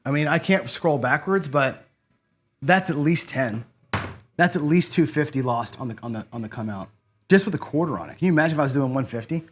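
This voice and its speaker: With a somewhat high voice, lively intonation and a slightly fast delivery, this man streams online craps live over a faint hiss or hum. He chats with his audience and curses in frustration as he loses.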